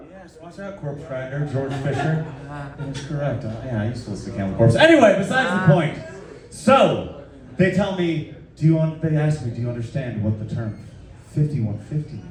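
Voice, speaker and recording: A man's voice: fairly high pitch, sing-song, moderate pace. A man telling a loose, profane, self-mocking story on stage between songs. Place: live venue with audience. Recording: echoey live room, far off, crowd. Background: crowd laughing.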